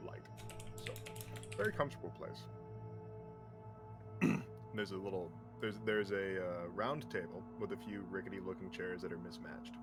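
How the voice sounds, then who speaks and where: A man as game master, narrating a tabletop game in a casual, hesitant way with many fillers. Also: sits low. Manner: casual, hesitant, laughs often. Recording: with music behind.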